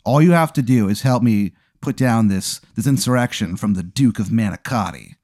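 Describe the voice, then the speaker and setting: A man's voice: lowish voice, moderate pace, a little mellow, dry recording, clean studio sound. A man voicing a regal, foppish aristocratic count who pushes a deal. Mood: persuasive.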